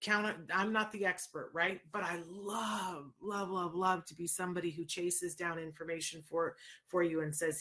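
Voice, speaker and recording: A woman hosting a casual live chat, answering viewers in an animated, conversational way and often checking in with "right?". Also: on the low side, normal speed. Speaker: host answering viewer questions.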